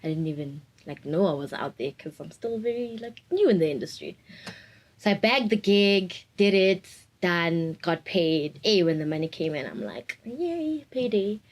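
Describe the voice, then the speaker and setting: A woman's voice: lowish voice, moderate pace, low-quality recording. A woman, talking openly and reflectively in an interview and laughing often. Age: 20s. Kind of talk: candid personal interview.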